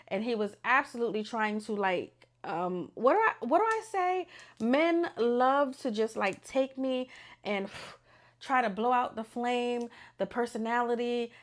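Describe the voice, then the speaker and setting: A young adult woman hosting a podcast, talking unscripted in a blunt, animated and profane way. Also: medium pitch. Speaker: podcast host.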